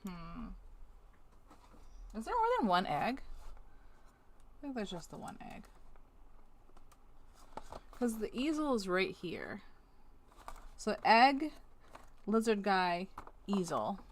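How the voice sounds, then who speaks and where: A woman's voice: medium pitch, sing-song, slow pace, long pauses. A woman streamer thinking aloud in casual chat while doing a task, talking to on-screen objects and scolding them, then apologizing. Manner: thinks aloud with self-talk. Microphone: webcam setup.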